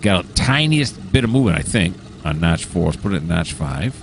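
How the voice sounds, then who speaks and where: Low-pitched male game host, casual and rambling, full of ums and uhs. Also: big pitch swings, a little fast, creaky, a little hiss or hum. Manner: rambling, enthusiastic, many filler sounds. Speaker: train simulator gameplay host. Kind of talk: casual gameplay commentary.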